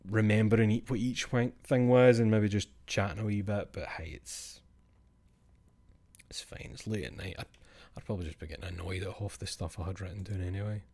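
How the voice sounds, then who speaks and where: A man's voice: fairly low pitch, a little mellow. A male streamer chatting casually after a live show, rambling, sweary and self-mocking.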